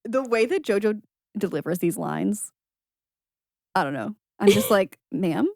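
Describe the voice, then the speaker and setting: A young woman co-hosts a casual podcast, retelling a film scene by scene. She slips into high, animated voices when quoting characters and laughs often. The sound is dry and close to the mic. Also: unhurried, no room sound. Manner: animated storytelling with high-pitched quoted voices and frequent laughs. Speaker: podcast co-host. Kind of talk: casual movie recap chat.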